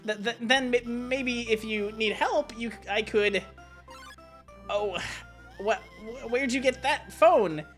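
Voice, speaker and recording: A man's voice: very high voice, takes it slowly, a bit bright, soft background music, voice pushed up, full character voice. A man voicing a nervous, nerdy female lizard scientist who stammers and hesitates, raised above his own voice. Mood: flustered. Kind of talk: streamer voicing game dialogue.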